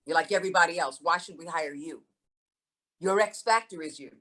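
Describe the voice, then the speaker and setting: Woman on a podcast, kinda low voice, fired up, lots of questions back to back, swears, goes loud then real quiet. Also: fairly quick. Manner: emphatic, rhetorical questions, swearing; sharp swings between loud and soft. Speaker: podcast guest, voice actor. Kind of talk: passionate interview talk.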